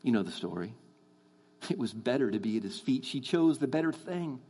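A man preaching a sermon in a church, earnest, calling his listeners "folks" and slowing down to stress his points. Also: mid-range voice, very animated, dark tone, slightly rough. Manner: earnest, addresses the crowd as folks, slows down for emphasis. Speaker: guest preacher. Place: church sanctuary. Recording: long hall reverb.

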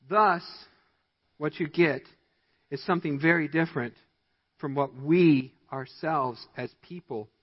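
High-voiced preaching man, husky. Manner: emphatic preaching with rising pitch on key lines. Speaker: pastor. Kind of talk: sermon. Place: church sanctuary. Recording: dull, echoey church recording.

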